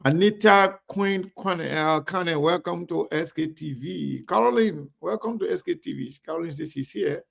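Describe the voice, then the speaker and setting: Gravelly male live-stream host, slightly high voice, chatty name-by-name greetings. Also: moderate pace, few pauses. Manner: chatty, reads viewer names aloud warmly. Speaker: online show host.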